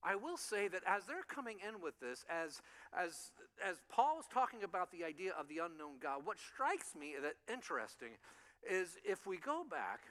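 A male pastor preaching a sermon with a high, bright, forceful voice. He tells stories with lots of animation and slips into playful voices for the people in them. Now and then he chuckles at his own jokes. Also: big pitch swings, normal speed, long reverb tail. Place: church sanctuary.

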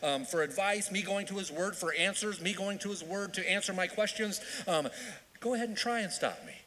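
A male minister preaching a sermon in an animated way, with joking asides and repeated phrases for emphasis. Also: high-pitched, brisk. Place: church sanctuary. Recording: long church reverb.

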